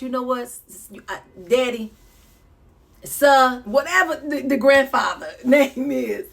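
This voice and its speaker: A woman, reacting to a video in an animated, preachy way with laughing asides. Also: high-pitched, unhurried, creaky. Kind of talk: reaction commentary.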